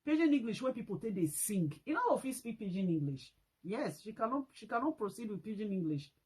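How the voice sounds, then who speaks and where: A woman with a Nigerian accent ranting in a commentary vlog, scolding and mocking, with sudden loud high outbursts. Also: slightly rough, rough recording. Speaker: social media commentator.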